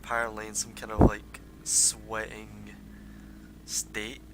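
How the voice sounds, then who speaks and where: A man narrating as dungeon master over voice chat, rambling with many fillers, on a noisy low-quality stream. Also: completely flat delivery, takes it slowly. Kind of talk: narrating a tabletop game.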